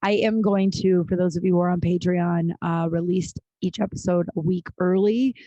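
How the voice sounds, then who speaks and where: A woman's voice: fairly low pitch, fairly even intonation, moderate pace, warm tone, no room sound, highs cut off. A woman hosting her own podcast, chatting candidly and rambling with frequent restarts, sounding tired and overwhelmed. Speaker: podcast host. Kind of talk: casual solo podcast chat. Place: small closet at home.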